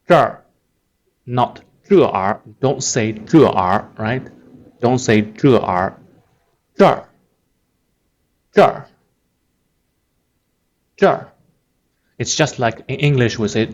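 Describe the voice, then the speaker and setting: A man explains a sentence pattern at a very unhurried pace. His voice sits at an ordinary middle pitch. He says each example twice, stresses the key syllables, and keeps checking in with the listener. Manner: slow and patient, repeats and stresses example words, frequent "right?". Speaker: Chinese language teacher. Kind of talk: explaining grammar slowly with repeated example phrases.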